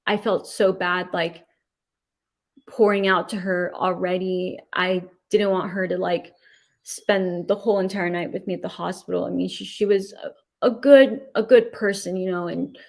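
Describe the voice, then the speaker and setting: Woman recounting a painful ordeal, halting. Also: on the low side, steady tone. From California. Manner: emotional, halting, with many restarts. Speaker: interview guest. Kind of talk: personal testimony in an interview.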